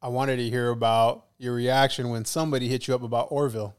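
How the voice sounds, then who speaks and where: A man interviewing a guest in casual chat, asking brief relaxed questions. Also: mid-range voice, fast talker, clear, resonant tone.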